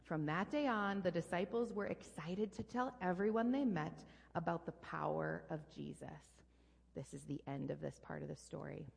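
Female pastor, animated kids' story reading, long hall echo. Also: on the low side, normal speed, creaky. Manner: animated, playful sound effects for a child. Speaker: pastor leading a children's message. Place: church sanctuary. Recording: long reverb in a large hall.

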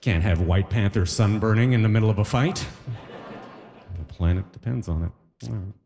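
A man's voice: on the low side, normal speed, dark tone, in a large hall, slight background noise. A man doing a stand-up comedy set on a live stage, talking in a loose conversational way and slipping into acted-out voices.

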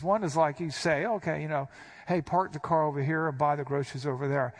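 Guy preaching a bible sermon, kinda high voice, punches the quoted lines hard. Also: fairly even intonation, brisk. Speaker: pastor.

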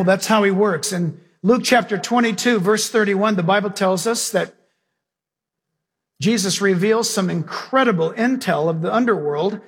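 A male pastor preaching an animated sermon, telling stories and acting out voices. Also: high voice, moderate pace, vocal fry, breathy edge. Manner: animated, storytelling, acts out voices.

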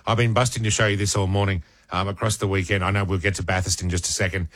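A man's voice: sits low, level tone, fast talker, a bit bright, no room sound, studio quality. An Australian man hosting breakfast radio, chatty and enthusiastic, bantering with his co-host.

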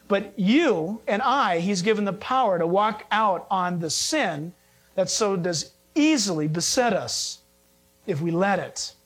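A middle-aged male pastor delivers a sermon in a high, ringing voice. He preaches with animated conviction, firing rhetorical questions at his congregation and breaking into jokes.

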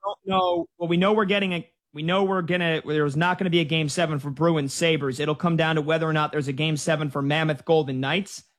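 Excitable high-voiced male sports host. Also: brisk, hardly any pauses. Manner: excited, rambling updates on scores. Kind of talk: live sports talk show.

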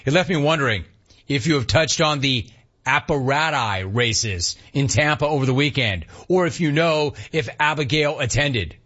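Husky-voiced man hosting a talk show. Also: a little high, normal speed, muffled recording. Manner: animated, riffing, mock-incredulous. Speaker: radio host. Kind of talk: casual talk radio chat reading listener emails.

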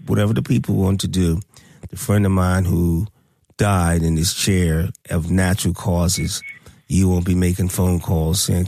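A man hosts a radio show in a low, gravelly, dark voice. His talk is blunt and preachy. The sound is dry and close. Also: dry recording. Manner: blunt, preachy, rises high when worked up.

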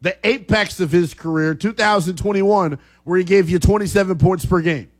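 A man hosting a sports talk radio show, talking with animated energy. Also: high voice, normal speed. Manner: lively, animated, coughing fits.

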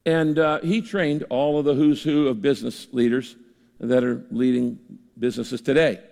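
A man's voice: medium pitch, steady tone, normal speed, vocal fry, a little mellow, long reverb tail. An older man preaching a sermon in an earnest, conversational way, speaking to a large church auditorium. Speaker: pastor.

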